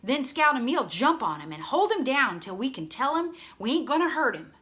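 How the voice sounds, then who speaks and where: A woman's voice: high-pitched, sing-song, normal speed, a bit bright, pitched above the performer's own voice. A woman reading aloud and voicing a small boy who patiently teases and dares his friend. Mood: coaxing.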